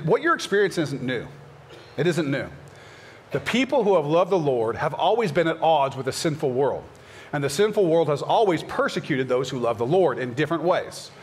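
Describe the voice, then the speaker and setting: Pastor, male, conversational Q&A answers, earnest, sits a bit high in pitch. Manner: earnest, conversational, acts out short prayers in a higher voice. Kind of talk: church Q&A session.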